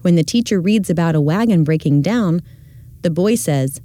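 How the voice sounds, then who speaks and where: A woman reading a scripted audio description of classroom video clips in a measured, clear way. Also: on the low side, expressive, warm tone, no echo.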